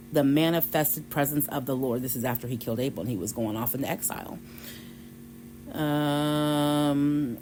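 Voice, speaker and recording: Her low-pitched voice has a slightly mellow quality, heard on a rough recording with a bit of background noise. She's a devotional podcast host chatting through a scripture passage in casual Bible study style, voicing quotes and laughing lightly.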